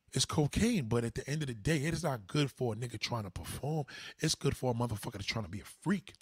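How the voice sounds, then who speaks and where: A man's voice: expressive, fast, darkish tone, slightly rough, dry recording, studio quality. A man hosting a livestream, giving blunt, profane advice to his viewers in a casual, preachy way. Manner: mimics others in higher pitch. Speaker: livestream host.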